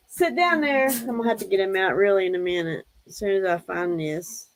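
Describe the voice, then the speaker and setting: A woman's voice: medium pitch, moderate pace, poor audio. A woman hosting a casual livestream, chatty, laughing often and fondly scolding her pets. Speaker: livestream host.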